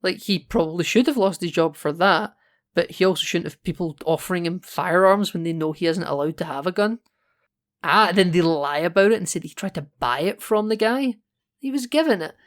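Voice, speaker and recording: A man co-hosting a podcast, chatting casually and animatedly about a film, quick to laugh. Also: sits high, fairly bright tone. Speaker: podcast co-host.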